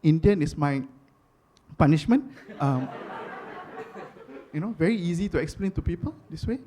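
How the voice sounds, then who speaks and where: A man's voice: on the high side, animated, normal speed, dark tone, slight background noise. A man in his thirties with a Singaporean English accent, doing chatty stand-up comedy, with many fillers and repeated phrases. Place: comedy stage before a live audience.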